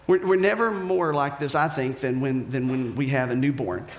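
A man preaching a sermon as pastor, animated, dropping to hushed whispers and rising to shouted emphasis. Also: medium pitch, normal speed, roomy sound, slight background noise.

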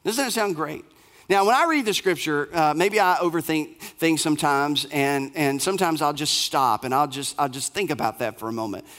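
A man's voice: on the high side, moderate pace, a bit bright. A male pastor preaching a sermon in a conversational way, asking the audience questions and acting out quotes.

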